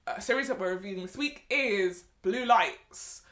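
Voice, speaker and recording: A woman's voice: mid-range voice, moderate pace. A woman co-hosting a podcast in casual chat, playful and jokey. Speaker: podcast co-host.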